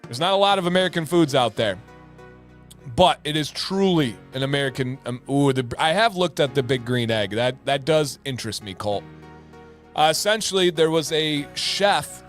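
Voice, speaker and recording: A man hosting a livestream in casual chat, energetic and talkative, often repeating words for emphasis. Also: a little high. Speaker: livestream host.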